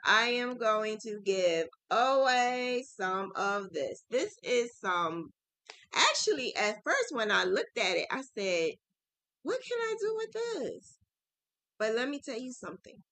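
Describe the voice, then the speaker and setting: A woman chatting to her viewers about crochet, chatty and excitable, often saying "like" and "oh my God". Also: mid-range voice, unhurried, dry recording, poor audio. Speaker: crochet vlogger. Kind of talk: casual chat to viewers.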